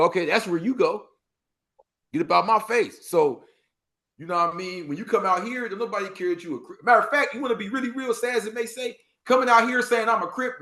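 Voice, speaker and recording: Animated Los Angeles man telling street stories. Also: high-pitched. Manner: animated, acts out quoted street talk, heavy slang. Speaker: podcast guest. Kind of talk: casual storytelling interview.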